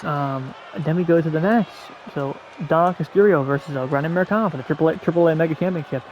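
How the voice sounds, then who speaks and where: A man's voice: fairly high pitch, quick pace, lo-fi sound, slight background noise. A man hosting a podcast, rambling through a casual wrestling recap with many restarts and repeated words. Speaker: podcast host.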